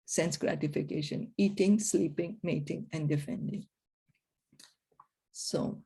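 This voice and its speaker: A woman teaching a scripture class, explaining verses and telling stories with gentle emphasis. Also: lowish voice.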